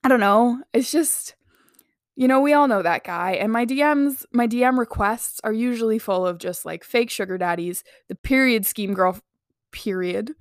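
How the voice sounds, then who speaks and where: A woman's voice: a little high, normal speed, no room sound, clean studio sound. A young woman hosting a podcast alone, chatting casually and sarcastically, with lots of "like" and giggles. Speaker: podcast host. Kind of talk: casual solo podcast chat.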